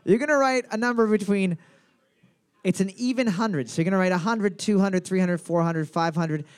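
A man's voice: high voice, normal speed, smooth, dry recording. A man hosting a live trivia night, reading out questions twice and joking with profanity. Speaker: trivia quiz host.

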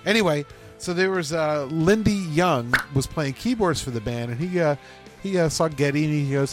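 A man's voice: on the high side, normal speed, faint music behind. A man co-hosting a casual podcast, joking around and laughing often as he tells stories. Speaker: podcast co-host.

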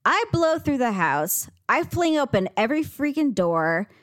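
A woman's voice: high voice, unhurried, no echo. A woman co-hosting a casual chat, telling stories and acting out quotes with big jumps in her voice, swearing freely. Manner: animated storyteller, acts out quotes with big jumps in voice. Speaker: podcast co-host.

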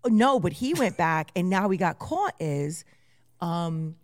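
A middle-aged woman co-hosting a casual chat, telling animated stories, swearing freely and laughing often. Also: fairly low pitch, measured pace.

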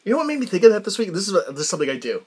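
A man's voice: sits high, very animated, racing, darkish tone, slightly rough. A man hosting a podcast in a rambling, casual comic monologue who laughs often at his own stories. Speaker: podcast host.

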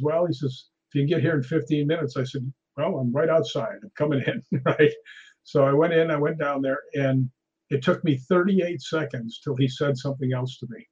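A man, a guest ghost hunter, telling animated stories in a casual conversation. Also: a little high, slightly rough, highs cut off. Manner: animated anecdotal storyteller.

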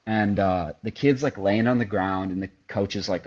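A man's voice: fairly low pitch, moderate pace, darkish tone, dull audio. A young man on a podcast, casually telling a long story with lots of "like" and "you know". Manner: storytelling, heavy filler words. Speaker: podcast co-host. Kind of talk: casual chat.

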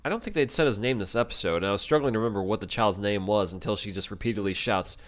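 A man co-hosting a podcast, calmly recapping an episode with a wry, easygoing manner. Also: on the low side, quick pace. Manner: easygoing, wry, retells plot with quoted lines. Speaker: podcast co-host. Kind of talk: casual recap chat.

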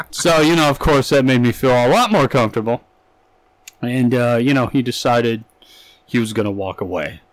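A man's voice: medium pitch, moderate pace, no room sound, poor audio. A man co-hosting a comedy podcast, telling a crude anecdote in a casual way and acting out the voices of the people in it. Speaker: podcast co-host.

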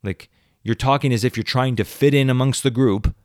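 A man's voice: medium pitch, a little fast, a little mellow, no echo. A man hosts a solo podcast and rants sarcastically, swearing freely as he goes. His voice sits in an ordinary middle range. The recording is close and dry, with no room around it. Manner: sarcastic, profane ranting. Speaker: podcast host.

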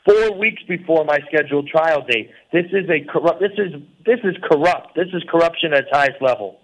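A man's voice: fairly high pitch, brisk, rough recording. A man speaking as a radio guest from a prison cell, earnest and preachy, with many fillers. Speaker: guest calling in. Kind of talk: interview on talk radio.

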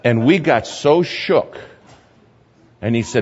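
A man preaching a sermon, telling a story animatedly, shifting between loud and hushed. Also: mid-range voice, lively intonation, takes it slowly. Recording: muffled hall recording with long reverb.

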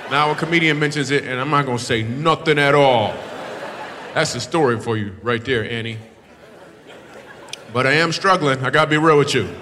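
A man's voice: medium pitch, moderate pace, long pauses, background noise. A man doing stand-up crowd work into a handheld mic, playfully teasing the audience and laughing often. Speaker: stand-up comedian. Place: live comedy show in a hall. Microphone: handheld microphone. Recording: reverberant hall with live audience. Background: faint audience laughter.

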